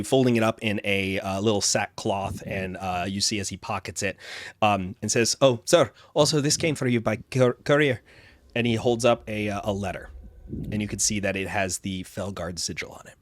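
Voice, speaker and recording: A man's voice: fairly low pitch, steady tone, normal speed, dry recording. A man narrating a tabletop game as game master, rambling with frequent fillers and restarts.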